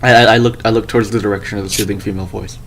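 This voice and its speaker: Low-voiced man, stammering game player. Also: fairly even intonation, very fast, fairly bright tone. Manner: stammering, repeats himself. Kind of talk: playing a tabletop game.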